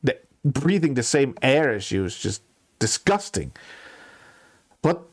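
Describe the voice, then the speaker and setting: A man's voice: medium pitch, a little slow, no echo, close to an everyday voice. A man doing a fussy, pompous court steward. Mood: contemptuous. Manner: theatrical, swings from gushing to sobbing to sneering. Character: fussy, pompous male court steward who dotes on his bird.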